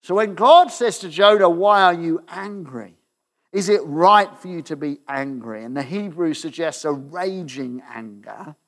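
A man preaching a conversational sermon, often checking in with the congregation and letting his voice drop softly at the ends of phrases. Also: lively intonation, moderate pace, hardly any pauses. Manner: conversational, asks the audience questions with tag "okay?"; drops to a soft low voice at the ends of phrases.

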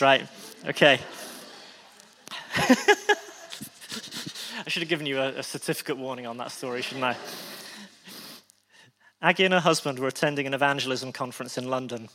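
A man's voice: mid-range voice, bright, forceful tone, long reverb tail. A male preacher telling a long story in a sermon, with frequent restarts and emotional asides.

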